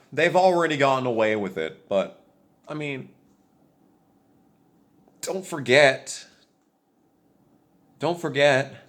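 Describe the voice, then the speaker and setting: A man's voice: mid-range voice, a bit bright. Young guy ranting mad at the camera, cussing nonstop, bitter, says stuff twice. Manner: profane, bitter, heated, repeats himself. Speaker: video creator ranting to camera. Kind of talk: angry political rant.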